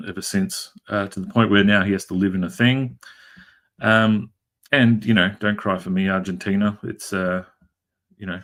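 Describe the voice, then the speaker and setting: Casual drawing-stream chatter comes from a middle-aged Australian man in a converted garage, who tells loose, joking stories full of filler words. His voice is low with a fairly bright tone.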